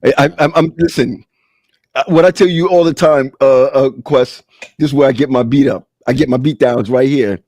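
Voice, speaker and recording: A man joins a casual talk, hesitating and restarting his words as he thinks aloud. His voice sits at a middle pitch. The recording is dry, with no room echo around him. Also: normal speed, darkish tone. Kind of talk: casual chat.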